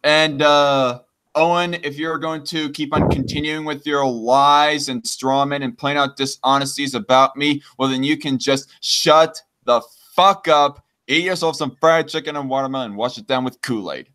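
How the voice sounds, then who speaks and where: A man hosts a casual live stream with a bright, clear and crisp voice. He stumbles and restarts his words often, cracking crude jokes in loose banter. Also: on the high side, fairly even intonation, normal speed. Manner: stammering, crude joking banter.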